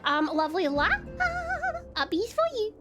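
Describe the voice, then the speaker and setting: A woman's voice: very high-pitched, wildly swooping pitch, slow pace. An Australian woman streaming casually, bubbly and chatty, greeting viewers with sweet nicknames. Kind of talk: casual live-stream chat. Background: faint game music.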